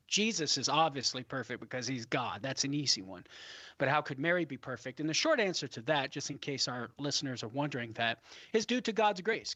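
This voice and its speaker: A man with a fairly high, bright and forceful voice answers questions as a radio guest. He explains carefully and at length. The sound is dry and close on a studio microphone. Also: no echo. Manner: measured and explanatory. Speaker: guest expert on a radio show.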